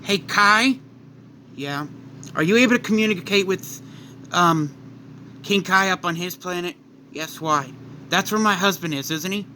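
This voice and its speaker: A man's voice: high-pitched, measured pace, long pauses, bright, forceful tone, slight background noise, voice pushed up. A man voicing a determined, grieving young wife who speaks in a firm, pleading way.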